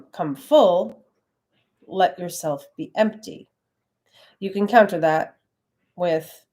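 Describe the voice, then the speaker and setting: A woman's voice: on the low side, warm tone. A woman leading an online class, talking in a reflective, conversational way with frequent fillers. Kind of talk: casual live-stream teaching.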